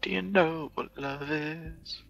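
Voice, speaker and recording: A man in a group voice chat, asking offbeat questions in a deadpan way. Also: a little high, takes it slowly, gravelly. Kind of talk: casual gaming banter.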